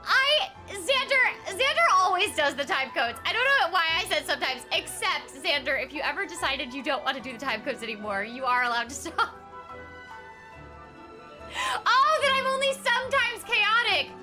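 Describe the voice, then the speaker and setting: A woman's voice: high-pitched, lively intonation, fairly quick. A woman voice actor chatting casually with viewers during a game live stream, playful, giggly and teasing herself. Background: game music.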